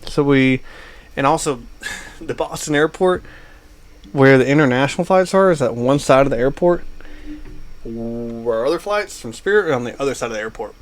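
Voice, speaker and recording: This podcast co-host is a man with a mid-range, animated voice speaking at normal speed. He rambles through a lengthy travel anecdote in relaxed conversation, dropping plenty of "uh"s and "like"s.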